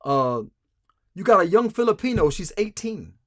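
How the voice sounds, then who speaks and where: A male livestream host talks emphatically, repeating himself and stumbling into restarts. His voice sits a little high. The sound is dry and close to the mic. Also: very animated, moderate pace, dry recording. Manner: emphatic, repetitive, stammering restarts. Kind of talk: casual livestream commentary.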